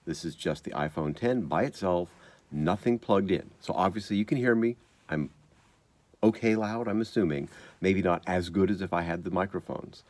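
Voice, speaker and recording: A man's voice: low voice, normal speed, darkish tone, dry recording. A man casually explaining a microphone test inside a car, thinking aloud step by step. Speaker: vlogger testing microphones. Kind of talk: casual demonstration. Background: faint car engine hum.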